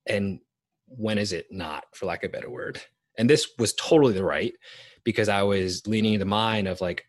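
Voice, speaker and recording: A man co-hosting a podcast, talking things over in a thoughtful, unhurried way with fillers. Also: on the low side, no echo. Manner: thoughtful, drawn-out phrasing with fillers. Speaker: podcast co-host. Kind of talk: reflective conversational podcast talk.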